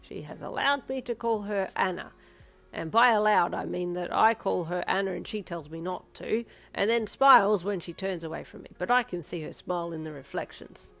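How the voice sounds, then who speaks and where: A woman's voice: on the low side, normal speed, gravelly, a bit bright, faint music behind. A woman voicing a playful, fond older grandfather.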